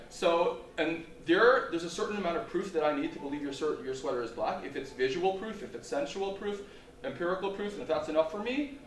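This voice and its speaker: A rabbi giving an animated lecture, full of rhetorical questions and sudden swings between loud and soft. His fairly high voice echoes in a roomy space and is picked up from some distance, with faint ambience underneath. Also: a little hiss or hum. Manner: animated, rhetorical questions, dramatic shifts in volume. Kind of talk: Torah lecture.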